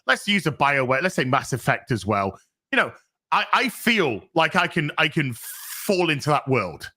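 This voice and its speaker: Male co-host, profane ranter, bright edgy tone. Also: on the high side, big pitch swings, moderate pace. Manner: profane, ranting. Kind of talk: casual podcast chat.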